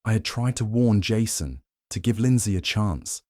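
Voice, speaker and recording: A man reading a scripted first-person story in an even, measured way. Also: lowish voice, no echo, studio quality. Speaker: story narrator.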